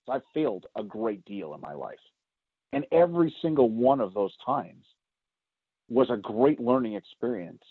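A man co-hosting a political podcast, talking loudly and emphatically, getting louder when he is excited. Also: medium pitch, husky, dry recording. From United States. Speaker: podcast co-host. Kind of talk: opinionated political podcast talk. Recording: tinny phone-like sound.

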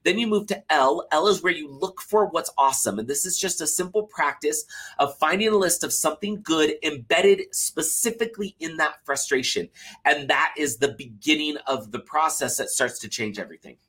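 A podcast guest, a man from Utah, talks in a slightly high voice. He explains things animatedly and keeps a casual, friendly flow. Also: moderate pace, husky. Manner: animated, acts out everyday complainers in mock voices. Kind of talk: casual chat.

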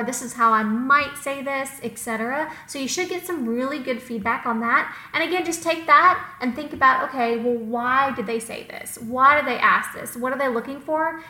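A woman's voice: high voice, bright, forceful tone, reverberant, poor audio. A woman co-hosting an advice podcast, upbeat and emphatic, repeating words for stress. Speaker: podcast co-host.

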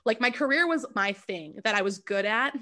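A young woman appears as a podcast guest in a candid interview, speaking earnestly and openly with plenty of "like" fillers. Her mid-range voice is bright, expressive and forceful, at a moderate pace.

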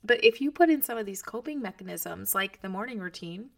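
A woman's voice: medium pitch, expressive, fairly quick, gravelly. A woman in her thirties hosting a podcast, talking casually and encouragingly to other moms. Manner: chatty and encouraging, talks straight to the listener. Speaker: podcast host. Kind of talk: casual motivational talk to moms.

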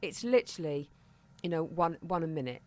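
A woman's voice: deep voice, lively intonation, a little fast, crowd noise. A middle-aged woman co-hosting a podcast, telling jokey stories in casual chat. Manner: chatty, jokey storytelling. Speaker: podcast co-host.

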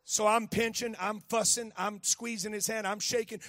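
A man in his fifties preaching a storytelling sermon, talking to a child beside him and repeating phrases as he builds to shouting. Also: high voice, little pitch movement, moderate pace, few pauses, no room sound, clean studio sound.

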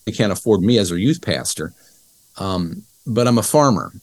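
A middle-aged man telling a story as an interview guest, lively and acting out the dialogue of the people in it. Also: on the low side, moderate pace, no echo. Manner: animated storyteller who acts out dialogue. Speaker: interview guest, business educator.

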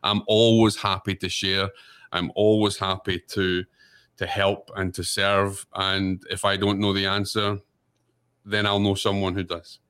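A deep-voiced man who works as a spiritual medium, talking as a guest on a talk show. He speaks earnestly and often stumbles over repeated words. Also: completely flat delivery, measured pace, fairly bright tone, smooth. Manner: earnest, repeats words while searching for them. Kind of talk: casual interview talk.

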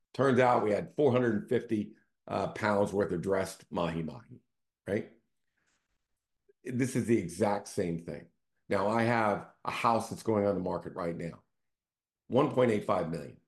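Hosting his own show, a real estate team CEO speaks a little slowly in a fairly low, expressive voice. His style is relaxed storytelling, with regular check-ins with the audience.

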